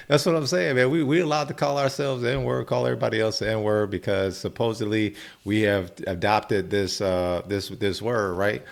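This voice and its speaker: A man's voice: on the low side, normal speed, vocal fry, hardly any pauses. A man hosting a reaction video, talking in a laid-back, chatty way and peppering his talk with "man". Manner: laid-back, frequent "man", chuckling asides. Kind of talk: casual commentary.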